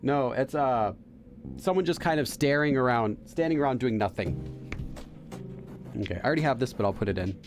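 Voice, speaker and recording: A man's voice: mid-range voice, animated, brisk, pauses often, soft background music. A man hosting a let's play, reading game text aloud and translating it line by line as he thinks aloud. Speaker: host of a game channel for Korean learners.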